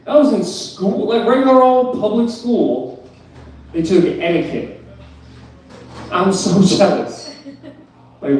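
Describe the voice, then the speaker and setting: At an open mic on a club stage, a young male comedian rants about his life in a profane, disbelieving, self-mocking way. His voice sits a bit high with a soft, mellow edge, and the roomy, echoey sound seems picked up from across the small club, with a little hiss or hum.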